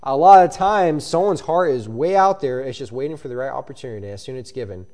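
A man's voice: medium pitch, quick pace, darkish tone. A man preaching a sermon, reading scripture aloud in old-style wording and explaining it earnestly.

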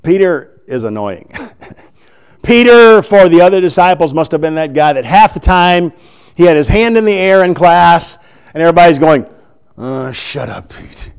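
A man preaching a sermon, retelling scripture in an animated, chuckling storytelling way. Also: high-pitched, normal speed, clear, resonant tone.

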